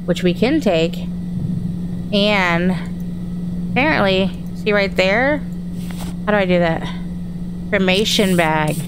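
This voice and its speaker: Playing through a horror game, a Texas woman who streams games chats along, thinking out loud and getting startled easily during her let's-play commentary. Her pitch is fairly low, and the background is noisy.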